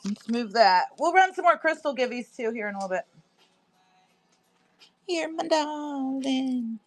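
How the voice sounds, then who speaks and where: A woman's voice: fairly high pitch, sing-song, quick pace, soft background music. A woman hosting a casual live-stream sale from home. She is chatty, laughs a lot, and talks to both her viewers and her pet. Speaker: live-stream seller and host.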